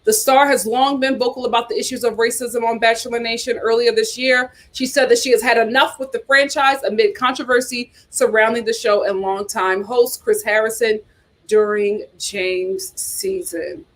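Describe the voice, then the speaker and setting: A woman's voice: on the high side, steady tone, moderate pace. A woman hosting a casual commentary show, reading articles and viewer comments aloud and reacting in an outspoken, exclaiming way. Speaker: host.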